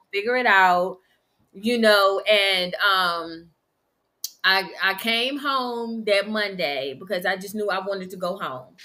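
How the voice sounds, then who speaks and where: A middle-aged woman, telling the story of losing her son in slow, halting, emotional speech. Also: mid-range voice, bright, forceful tone. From Virginia. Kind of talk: personal testimony.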